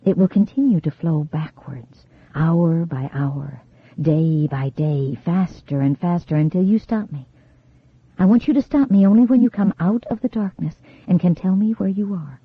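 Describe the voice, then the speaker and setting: A woman voicing a calm adult female therapist who hypnotizes a girl, talking in a soft, coaxing, steady way. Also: fairly low pitch, moderate pace, breathy edge, no echo, narrow, tinny audio. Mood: soothing. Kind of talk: audiobook character reading.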